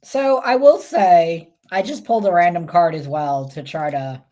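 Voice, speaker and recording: A woman's voice: lowish voice, normal speed, warm tone. A woman with a New York accent, hosting a casual tarot show with wry, rambling asides. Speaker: host tarot reader. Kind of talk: casual chat.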